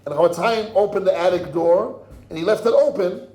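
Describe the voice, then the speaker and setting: An older man, a rabbi telling a story in a sermon. He acts out the voices, swinging from hushed murmurs to loud cries. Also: high voice, brisk. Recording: echoey room.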